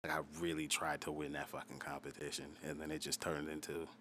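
Low-voiced young man swearing casually. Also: level tone, brisk, fairly bright tone. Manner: loose and profane, heavy on "like"; rambling, self-deprecating. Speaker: rapper and channel host. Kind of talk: casual storytime talk. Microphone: solo voice recording.

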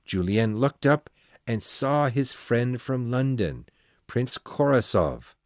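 A man's voice: medium pitch, big pitch swings, slow pace, no room sound, studio quality. A man reading a classic novel aloud as an audiobook narrator, telling the story expressively.

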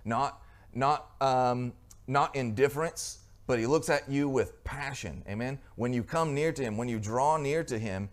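Earnest pastor preaching with frequent restarts. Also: male voice, mid-range voice, unhurried. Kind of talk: sermon.

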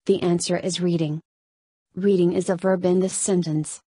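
A woman teacher narrating a scripted lesson, reading slowly and carefully and addressing her students. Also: fairly low pitch, fairly even intonation, warm tone, husky, no echo.

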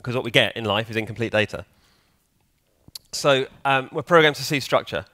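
A man speaking from a conference stage in a loose, chatty way, tossing questions out to the crowd and answering them himself. His voice sits at an everyday middle pitch. The sound is dry and close, with almost no room echo. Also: normal speed, pushed and bright. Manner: conversational, quizzes the audience. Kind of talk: conference talk. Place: conference hall.

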